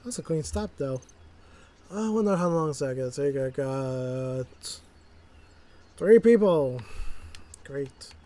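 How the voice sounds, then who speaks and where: A man's voice: medium pitch, lively intonation, slow pace, pauses often, dark tone. A man streaming a driving game, rambling and mocking himself, laughing often at his own mistakes, talking into a desk mic. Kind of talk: casual gameplay commentary.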